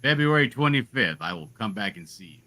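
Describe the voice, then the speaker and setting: A man's voice: on the low side, sing-song, a little fast, crowd noise. A man who is an artist, joking as a guest on a casual livestream chat.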